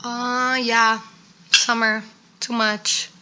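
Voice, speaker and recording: A woman co-hosting a casual makeup chat, a little hoarse from losing her voice, chatty and playfully sarcastic. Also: on the high side, little pitch movement, very slow, bright, forceful tone. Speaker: co-host.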